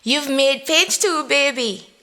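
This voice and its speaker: A woman voicing a teasing, excited female best friend who works as a bank manager, in a bright, raised voice. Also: unhurried. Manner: giddy, high-pitched teasing.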